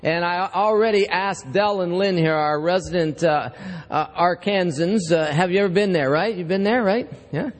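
A man's voice: sits high, moderate pace. A man preaching as pastor, reading scripture and telling a story to the congregation in a conversational way. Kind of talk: sermon with scripture reading and joke. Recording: echoey church hall.

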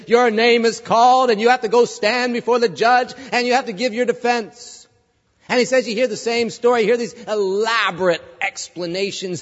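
A man preaching a sermon as a pastor, telling a story with animated delivery and acting out voices, in a dull recording with long hall reverb. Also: high voice.

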